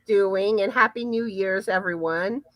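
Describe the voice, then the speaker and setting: A woman's voice: medium pitch, a little slow, fairly bright tone, no room sound. A woman hosting a casual live chat, chatty and often repeating words as she starts a sentence. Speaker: livestream host.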